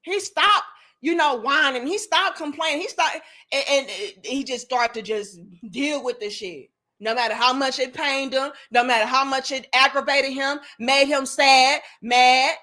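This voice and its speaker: Woman host, 30s, bright and slightly high, blunt and emphatic, chatting casually to a live audience. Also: unhurried. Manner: blunt, swearing, emphatic storytelling. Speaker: commentary channel host. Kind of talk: casual commentary to a live chat.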